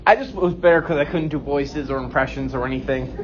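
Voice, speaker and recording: A man in his late twenties doing a self-deprecating stand-up set with deadpan punchlines on a comedy club stage. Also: medium pitch, quick pace. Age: 20s. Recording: dull lo-fi recording.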